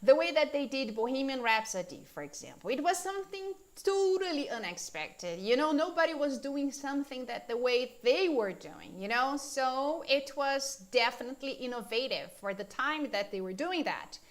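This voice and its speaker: A woman from Brazil, a native Portuguese speaker, teaches an English class live, chatting with viewers in a loose, informal way. Her voice sits somewhat high, and she keeps asking the audience for examples. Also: sing-song, normal speed, few pauses. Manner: chatty and informal, many fillers, asks viewers questions.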